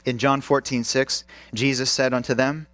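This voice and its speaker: A man's voice: mid-range voice, level tone, normal speed, a bit bright, no echo. A male pastor preaching a sermon with emphasis, asking the congregation questions.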